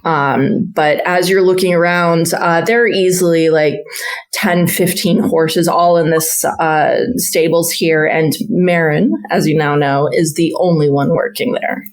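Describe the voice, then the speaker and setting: A woman narrating a tabletop game as game master, unhurried with many fillers. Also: deep voice, steady tone.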